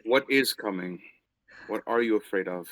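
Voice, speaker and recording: A man's voice: on the low side, moderate pace, a bit bright, rough recording. A man playing a tabletop game, talking eagerly and playfully in character. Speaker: player.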